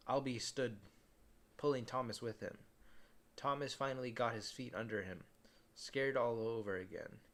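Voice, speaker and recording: A man's voice: medium pitch, moderate pace, a bit bright. A man reading a novel aloud in a casual way, often stumbling and restarting words.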